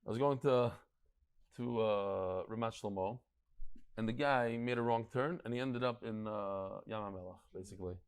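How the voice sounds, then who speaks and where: A man giving a lively, storytelling class as a rabbi, full of anecdotes and stammered restarts. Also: fairly low pitch, moderate pace, clean tone. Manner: animated, digressive, tells anecdotes and stories; frequent restarts and stammered repeats. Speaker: rabbi teaching a daily Talmud class.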